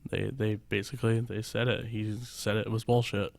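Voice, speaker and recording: A man's voice: on the low side, little pitch movement, normal speed, creaky, a little mellow, no room sound. A man joining a casual talk show, giving brief, agreeable replies.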